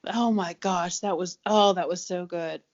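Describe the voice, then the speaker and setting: A woman's voice: lowish voice, fairly even intonation, a little slow, dull audio. Gushing, enthusiastic woman podcaster. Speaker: podcast co-host. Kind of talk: casual chat.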